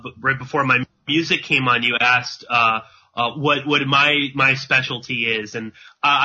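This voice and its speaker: A man's voice: mid-range voice, sharp tone. A male host in an interview, agreeing readily and stammering a little as he begins. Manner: affirming, slightly stammering. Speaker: podcast host. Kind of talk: conversational interview. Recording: dull, lo-fi audio.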